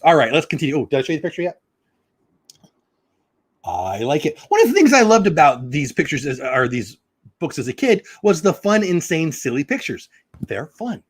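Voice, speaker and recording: A man hosting a casual vlog, chatting and reading a children's book aloud with a sing-song rhythm. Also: a little high. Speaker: channel host.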